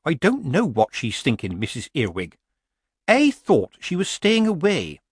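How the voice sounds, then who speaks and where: A man's voice: on the high side, huge pitch swings, measured pace, slightly rough, no echo, studio quality, voice pushed up, heavily acted. A man voicing a chatty, shrewd older woman witch with a homely, blunt way of talking. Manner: homely, blunt, weakly apologetic.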